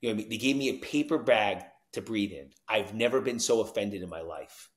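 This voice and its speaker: The room echoes as a man from New Jersey, a recovery coach, narrates his story on a podcast, speaking a little fast in a low-leaning voice. He's animated, acts out what others said, and leans on "you know what I mean."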